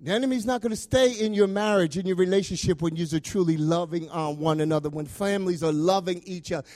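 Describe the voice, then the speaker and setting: A man preaching a sermon with passion, swinging from loud calls to soft asides. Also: sits high, steady tone, a little fast, hardly any pauses, soft background music.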